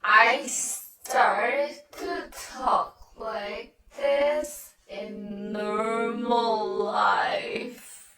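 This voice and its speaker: A woman's voice: on the high side, fairly even intonation, extremely slow, reverberant, far from the mic, crowd noise, poor audio. A woman vlogger talking wryly out of one side of her mouth in casual commentary.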